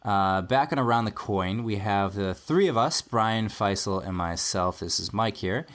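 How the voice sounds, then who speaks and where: A man's voice: on the low side, expressive, a little slow. A man hosting a casual podcast, friendly and introducing guests and co-hosts. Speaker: podcast host.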